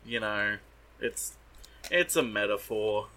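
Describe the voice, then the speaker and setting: Bright-voiced sardonic man recapping. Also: on the low side, expressive, slow, low-quality recording. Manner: sardonic, swears, mock-voices characters. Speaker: podcast co-host. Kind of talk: casual recap chat.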